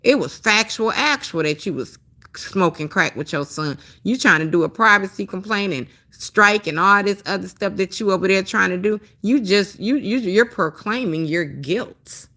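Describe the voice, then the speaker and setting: A woman hosting a livestream delivers blunt, profane, heated ranting commentary in a medium-pitched, expressive voice with a sharp tone at normal speed. She keeps repeating her points.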